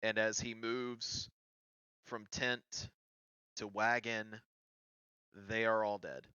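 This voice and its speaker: A man narrating a tabletop game as game master, with a slow, relaxed delivery. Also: on the low side, smooth, no echo, lo-fi sound.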